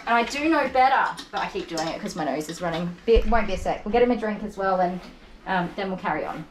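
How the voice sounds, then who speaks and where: A woman's voice: mid-range voice, expressive, fast talker, background noise. A woman grooms a dog, coaxing it with soothing, repetitive praise and chatty asides to viewers. Her voice rings in an echoey room over a faint buzz of clippers. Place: grooming salon. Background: electric clippers buzzing.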